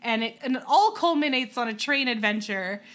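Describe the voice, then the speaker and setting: Animated, bright-voiced woman podcast host. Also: fairly high pitch, fairly quick. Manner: animated, exasperated ranting with laughter; holding a teething baby while talking. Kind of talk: casual podcast chat.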